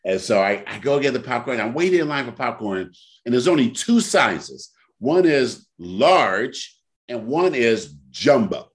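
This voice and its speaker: A man co-hosting a casual podcast, telling stories in an animated way and breaking into loud laughter. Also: medium pitch, measured pace. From Sacramento area. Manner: animated storyteller, bursts into shouting laughter. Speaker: podcast co-host. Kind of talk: casual storytelling chat.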